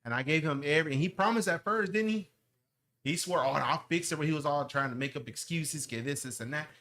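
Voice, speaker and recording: A man and lowrider owner, ranting heatedly in casual podcast chat, with slang and heavy swearing. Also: fast, pushed and bright.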